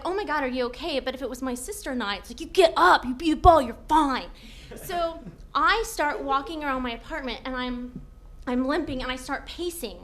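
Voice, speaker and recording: A young adult woman telling a funny personal story on stage, acting out quotes loudly and animatedly. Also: high-pitched, slight background noise. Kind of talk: live comedic storytelling.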